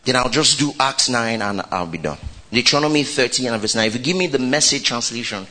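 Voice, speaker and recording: A man preaching a lively sermon, calling out to the congregation, shouting and laughing as he goes. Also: mid-range voice, a little fast. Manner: exuberant preaching, shouting and laughing, call and response. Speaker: pastor.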